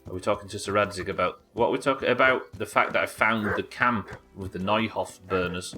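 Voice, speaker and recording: A man's voice: lowish voice, a little fast, sharp tone, soft background music. A man streaming a game live, chatting casually with his viewers and swearing freely as he goes. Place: home streaming setup.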